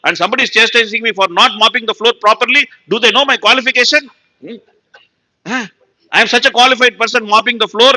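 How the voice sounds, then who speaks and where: A man's voice: very high-pitched, fast, sharp tone, in a large hall, pitched above the performer's own voice, heavily acted, low-quality recording. A man voicing a proud, overeducated man who boasts and complains about being scolded over menial work. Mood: aggrieved. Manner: self-pitying boasting complaint.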